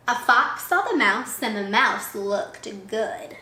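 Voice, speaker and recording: Bright, expressive woman teacher reading aloud. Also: fairly high pitch, slow, few pauses. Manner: warm, expressive, asks questions of young listeners. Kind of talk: reading a picture book aloud to children. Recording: echoey room.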